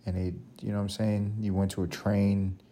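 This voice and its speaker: Low dark-voiced dude hosting a podcast, rambling and swearing, jokey. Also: male voice, level tone, moderate pace. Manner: rambling, profane, jokey storytelling. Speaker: podcast host. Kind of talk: casual solo podcast monologue.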